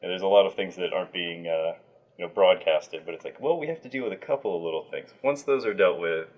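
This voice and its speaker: A man's voice: low-pitched, fast, highs cut off. A man hosting a livestream, chatting casually with a guest, with plenty of fillers and restarts. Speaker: livestream host.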